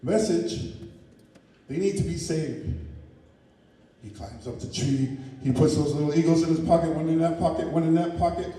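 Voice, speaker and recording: A man telling a story to a gathering, with an animated, playful delivery. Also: fairly high pitch, normal speed, pauses often. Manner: animated, playful, voices his characters. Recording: echoey hall from far off.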